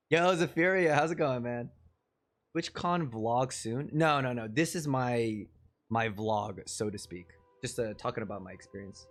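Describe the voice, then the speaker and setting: A man's voice: mid-range voice, unhurried. Rambling man telling a stream story. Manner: rambling, filler-heavy, self-deprecating; chuckles often between phrases. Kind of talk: casual live-stream storytelling.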